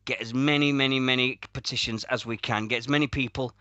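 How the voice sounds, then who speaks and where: A young British man hosting a wrestling radio show, chatting casually with lots of swearing and loud outbursts. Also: steady tone, fast talker, no echo, dull audio. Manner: loud, swearing, bursts into high-pitched outbursts.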